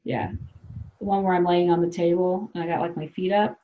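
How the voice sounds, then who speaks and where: Woman, podcast host, casual chat, lowish voice, dull audio. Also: fairly even intonation, a little fast. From South Dakota. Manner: loose, laughing, acts out quoted lines.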